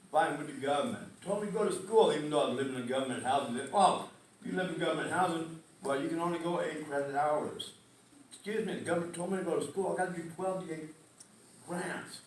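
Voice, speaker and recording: At a community meeting, a man gives emotional public testimony, stressing his points with a repeated "okay?". His fairly high voice is picked up from afar by a distant mic in an echoey hall, with slight background noise.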